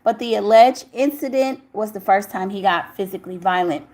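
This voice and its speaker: A woman with a mid-range voice, reading gossip news aloud and cutting in with outspoken, disbelieving remarks. She talks loosely and conversationally, sometimes exclaiming loudly. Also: mid-range voice, moderate pace. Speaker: celebrity gossip commentator.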